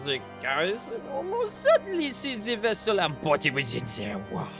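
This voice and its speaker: A man's voice: high-pitched, huge pitch swings, normal speed, exaggerated voice. A tipsy Frenchman with a thick put-on French accent, rambling and stumbling over his words, his voice swooping up and down, as a man acts him out. Faint music plays behind.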